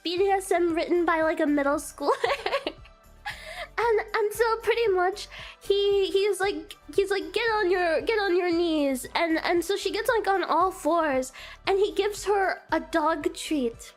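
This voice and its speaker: A woman's voice: extremely high pitch, a little slow, faint music behind. A young woman streamer giggling and rambling through a casual movie recap. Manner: giggly, rambling, with many restarts. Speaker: VTuber streamer.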